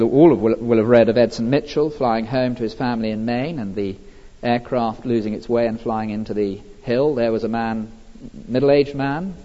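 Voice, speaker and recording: A man's voice: mid-range voice, dark tone. A man preaching a sermon earnestly, with frequent fillers and restarts. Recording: dull, lo-fi recording with long hall reverb.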